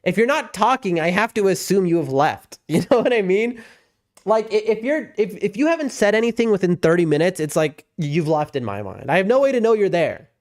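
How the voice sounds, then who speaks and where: A man streaming a game live, chatting with viewers in a rambling, excitable way. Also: high voice, fairly quick. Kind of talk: casual live-stream chat.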